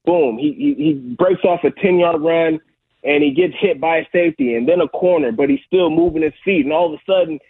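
A man phoning in to a sports radio show. His voice is husky and comes through a thin, tinny line that sounds dry. He talks emphatically and keeps checking in with "okay?". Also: fairly high pitch, animated, brisk, dry recording. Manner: emphatic, keeps tagging "all right?" and "okay?". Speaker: former football player, guest analyst. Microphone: phone call.

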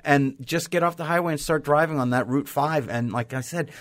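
A man's voice: a little high, a little fast, dry recording. A man from Connecticut in a casual food chat, enthusiastic and walking through recipes step by step. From Connecticut, USA.

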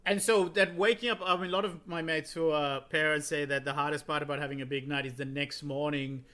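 A co-host drops jokes into a casual podcast chat. He speaks high in his range with a bright, forward tone. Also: steady tone, brisk. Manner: joking interjector.

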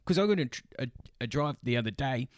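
A man's voice: mid-range voice, animated, fast, no echo, studio quality, lightly acted. A man voicing a chatty, odd little male rideshare driver who rambles on eagerly. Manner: rambling and eager, quoted in a story.

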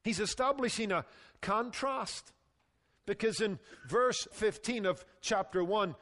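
Pastor guy giving a sermon, pretty high voice, goes low and quiet to hit a point, echoey church sound. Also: a little slow. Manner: emphatic preaching, drops low and quiet on key phrases.

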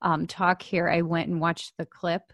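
A woman's voice: on the low side, level tone, unhurried, fairly bright tone, no echo, clean studio sound. A woman hosting an interview, who reacts openly and emotionally to her guest. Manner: emotional, responsive listener. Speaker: host. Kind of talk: interview conversation.

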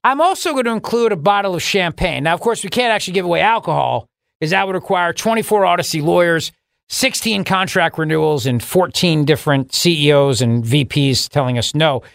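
Male radio host, sarcastic banter, rambling, laughs at own jokes, high voice, dry studio mic. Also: brisk, gravelly, a bit bright, no room sound. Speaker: radio talk show host. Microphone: studio microphone.

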